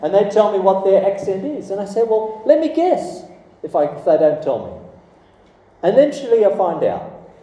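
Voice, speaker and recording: Lively pastor preaching. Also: male voice, high-pitched, brisk. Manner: lively, conversational preaching with asides. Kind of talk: sermon. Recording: roomy hall, voice from a distance, faint background noise.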